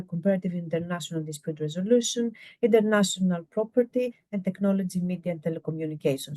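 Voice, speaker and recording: Woman doing a webinar talk, lowish voice, kinda halting, dry sound. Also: dark tone, no echo. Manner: halting, searching for words. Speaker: university program presenter. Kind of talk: informational webinar presentation. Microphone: video call microphone.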